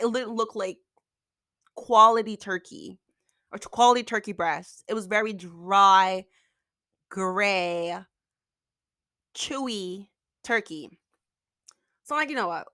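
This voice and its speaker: A woman's voice: medium pitch, sharp tone. A young woman telling a storytime vlog in a chatty, exasperated way, full of fillers. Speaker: vlogger.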